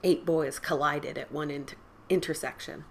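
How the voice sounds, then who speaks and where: A woman's voice: deep voice, fairly even intonation, moderate pace, creaky. Woman reading a spooky story aloud. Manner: dramatic, drops to whispers and lifts for quoted boys' cries. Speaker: podcast host reading a story.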